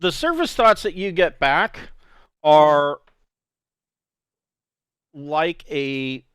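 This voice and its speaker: A man narrating as game master of a tabletop game, often pausing to search for words. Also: a little high, animated, a bit bright, clear, resonant tone, no echo.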